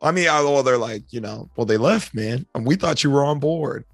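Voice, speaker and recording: A man co-hosting a podcast, casually retelling story scenes and acting out character lines in high voices. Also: lively intonation, brisk, gravelly, no room sound, studio quality, faint music behind. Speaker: podcast co-host.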